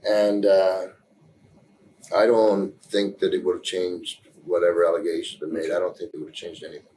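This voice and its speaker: A man giving a candid interview, telling a story in a rambling, halting way with many restarts, earnest and emotional in places. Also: deep voice, level tone, a little mellow, slight background noise, poor audio. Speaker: interview guest.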